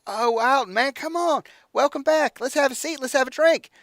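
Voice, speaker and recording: A man's voice: on the high side, big pitch swings, brisk, no room sound, clean studio sound, voice pushed up. A man voicing a boisterous, flirtatious sea captain in a tabletop game. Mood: hearty. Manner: loud, hearty, courtly.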